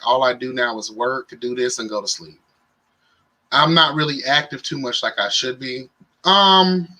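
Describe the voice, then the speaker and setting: A man hosts a casual livestream, his voice bright and forceful and sitting a little high. He talks to his viewers in a sassy, playful way and sounds tired. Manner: sassy and playful, calls viewers "child" and "honey". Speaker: livestream host.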